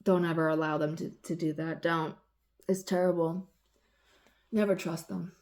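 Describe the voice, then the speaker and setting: Keeping a steady tone at a moderate pace, a forty-something woman vlogs a rambling, profanity-laced rant, drifting off track and veering from loud exasperated outbursts to quiet mutters.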